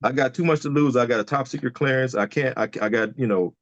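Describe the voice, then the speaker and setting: A podcast guest from Detroit, Michigan vents frankly over a remote video call in a casual chat. His mid-range voice moves quickly, with no room sound and the highs cut off. He's candid and fired-up, swears freely, and repeats himself when heated.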